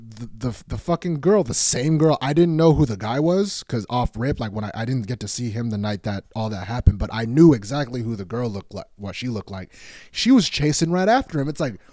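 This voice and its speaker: Dude ranting thru a story, swears a lot, low-key warm tone, no room echo. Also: male voice, clean studio sound. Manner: profane, rambling, heated. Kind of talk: casual storytelling.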